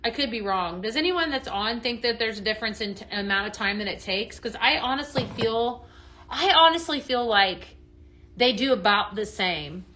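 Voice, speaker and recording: A woman's voice: fairly high pitch, animated, normal speed, sharp tone, slight background noise. A woman hosting a live home-decor sales show, chatting in a bubbly way and talking straight to her viewers as she demonstrates products. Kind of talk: live product demo chat.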